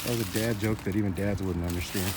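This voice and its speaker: A man's voice: low voice, fairly even intonation, fast talker. A man in his forties vlogging casually outdoors, rambling in a chatty, self-mocking way with little asides. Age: 40s. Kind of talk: casual vlog narration. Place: outdoors, windy lakeside walk and parked car. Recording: wind and traffic noise outdoors.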